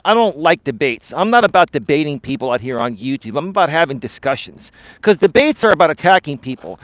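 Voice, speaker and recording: Man, life coach, live stream rant, confrontational, high voice, dry close sound. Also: no echo. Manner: confrontational, repeatedly calls the listener bro and sir.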